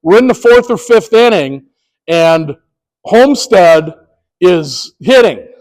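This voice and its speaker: A man training sports officials, telling a story in an animated way and acting out the scenes. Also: sits high, slow, rough recording. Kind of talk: storytelling presentation.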